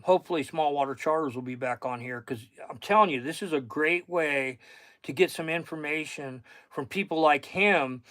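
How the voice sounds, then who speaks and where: A man's voice: a little high, a bit bright, dry recording. A middle-aged man with a Southern accent, a fishing guide hosting a casual livestream, chatting in a rambling way and thanking viewers by name.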